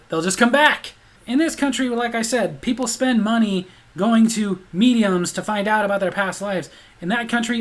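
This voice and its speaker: A man's voice: high voice, fairly bright tone. A man hosting a comedic monologue, ranting in an incredulous, sarcastic way. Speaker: vlog host.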